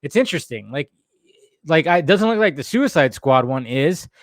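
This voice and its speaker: Tipsy guy going off on a stream, swearing a lot, kinda high voice, dry close sound. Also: lively intonation, moderate pace, no room sound. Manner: profane, heated ranting, swears often. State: tipsy from bourbon. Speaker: streamer host. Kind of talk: ranting live stream chat.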